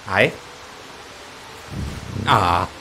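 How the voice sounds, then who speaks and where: A man giving playful gameplay commentary as a let's play host, cooing softly and giggling while he talks to the characters on screen. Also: sits low, expressive, extremely slow, background noise. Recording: game music behind the voice.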